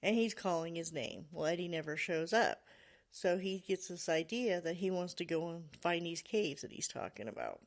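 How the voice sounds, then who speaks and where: A podcast host telling a story in a loose, conversational way. The voice sits at an ordinary middle pitch, and the telling is packed with "you know" and "like," with small laughs slipping in between. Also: lively intonation, normal speed. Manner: laughs now and then while telling. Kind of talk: casual storytelling.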